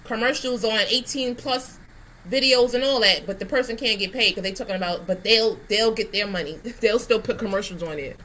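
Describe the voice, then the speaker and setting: Rambling bright-voiced woman. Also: fairly high pitch, brisk, low-quality recording. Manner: rambling, full of "like" and "you know", stumbling. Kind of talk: casual livestream chat.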